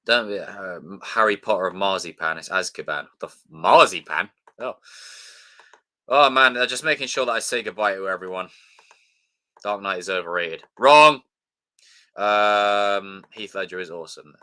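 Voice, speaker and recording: A man's voice: sits low, normal speed, sharp tone. Swearing young man hosting a live stream. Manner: loose, swearing, chatty, thanks viewers by name. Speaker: livestream host. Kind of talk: casual live stream sign-off chat.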